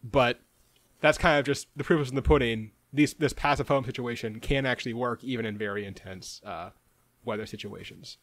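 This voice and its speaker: A man co-hosting a podcast, joking and chatty with quick asides. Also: medium pitch, fairly even intonation, a bit bright, dry recording. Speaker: podcast co-host. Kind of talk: casual podcast chat.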